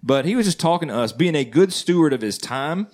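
A man's voice: fairly high pitch, animated, brisk, darkish tone. A man co-hosting a Christian podcast, talking earnestly in a loose conversational way and checking in with the others. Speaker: podcast co-host. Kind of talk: casual Christian podcast chat.

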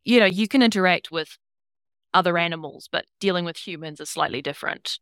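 A woman game master explains the rules in a loose, rambling way and swears casually. Her voice is bright and crisp, and the sound is dry and close. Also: fairly low pitch, brisk, no room sound.

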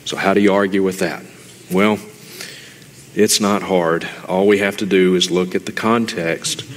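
A man's voice: low voice, steady tone, a little slow, big-room sound, a little hiss or hum. A man giving an emphatic, conversational sermon, explaining scripture verse by verse and addressing listeners as dear ones. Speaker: Bible teacher. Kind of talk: expository sermon.

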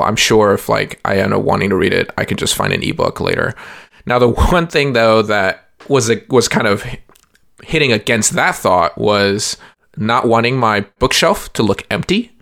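A young man with a low, gravelly voice talks through a casual podcast chat. He rambles, circling back with lots of "like" and restarts, and he sounds relaxed and conversational. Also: normal speed. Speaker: podcast co-host.

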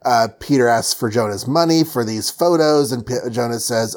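A man's voice: mid-range voice, normal speed. A man casually recapping a comic story, rambling and joking with many fillers. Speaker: podcast host recapping comics.

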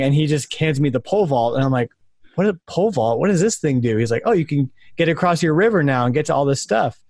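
A man with a middle-range voice who speaks in a relaxed, wry way. The recording is close and dry. He sounds easy-going. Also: mid-range voice, no echo. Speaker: podcast co-host. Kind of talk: casual chat.

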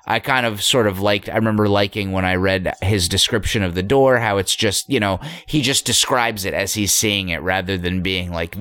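Low-voiced man in casual chat. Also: fairly even intonation, a bit bright, smooth, dry recording. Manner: halting, many restarts and fillers. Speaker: story discussion co-host.

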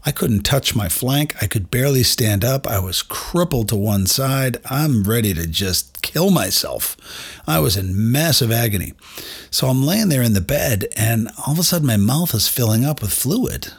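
Middle-aged male podcast host, husky voice, candid and self-deprecating storyteller who talks straight to his listeners. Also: medium pitch, animated, moderate pace. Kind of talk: personal storytelling monologue.

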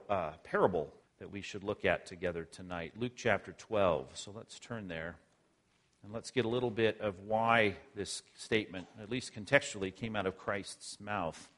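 A man's voice: on the low side, fairly bright tone. Earnest male pastor preaching. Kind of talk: sermon.

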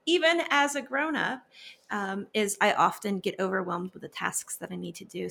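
A woman's voice: on the high side, vocal fry, fairly bright tone. A middle-aged woman and parent, co-hosting a podcast in easygoing, self-deprecating chat. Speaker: podcast co-host. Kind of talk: casual chat.

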